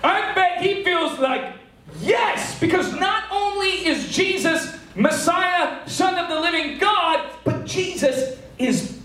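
A man preaching a sermon as pastor, animated and joking, acting out quotes. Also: very high-pitched, takes it slowly, slight background noise. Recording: echoey hall, mic from far off.

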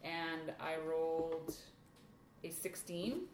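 A woman playing a tabletop game, slow and deliberate. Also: sits low, steady tone. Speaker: player. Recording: echoey room with faint hiss.

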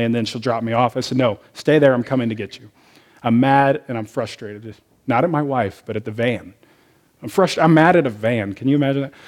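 A man, a pastor, preaching a sermon and telling personal stories in a conversational way. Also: medium pitch. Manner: conversational storytelling, personal anecdotes.

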